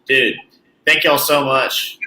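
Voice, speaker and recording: A man hosting a casual chat, telling a joke in a relaxed, drawling way and saying "y'all". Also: mid-range voice, slow pace. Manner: drawling storyteller with Southern "y'all". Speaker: podcast host. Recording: roomy echo, faint ambience.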